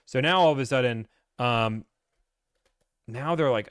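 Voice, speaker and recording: A man hosting a casual Q&A stream, blunt and ranting, acting out salesmen in quick put-on voices. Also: mid-range voice, smooth, no echo, clean studio sound. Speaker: host answering viewer questions. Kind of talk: casual livestream Q&A.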